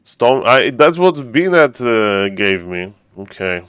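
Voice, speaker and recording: A man streaming a strategy game, giving excitable casual commentary and repeating himself playfully. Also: mid-range voice, takes it slowly, clear, resonant tone, dry recording.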